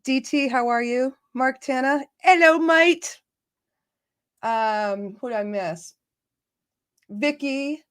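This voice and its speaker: A woman's voice: fairly high pitch, slow, clear, resonant tone. A woman hosting a casual live stream, chatty and self-joking, laughing often and greeting viewers by name. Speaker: livestream host.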